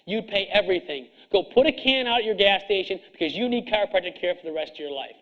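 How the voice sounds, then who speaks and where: A middle-aged man with a high voice lectures a seminar crowd in a blunt, hard-driving way, stacking up rhetorical questions. The recording is dull and lo-fi. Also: expressive, fast talker, a bit bright. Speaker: chiropractor coaching other chiropractors. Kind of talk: seminar speech to an audience.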